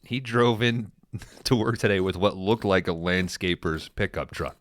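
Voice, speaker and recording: Male podcast co-host, very low voice, laid-back crude banter. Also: unhurried. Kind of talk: casual banter.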